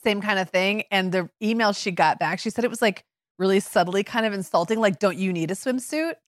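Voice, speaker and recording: A woman co-hosting a podcast in casual chat, telling stories in an animated way and laughing often. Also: mid-range voice, a little fast, no echo, clean studio sound. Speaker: podcast co-host.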